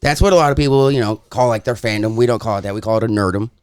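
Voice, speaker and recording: A man's voice: lowish voice, very fast, darkish tone, clear, resonant tone, no echo, studio quality. Profane joking male podcast host. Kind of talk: casual podcast banter.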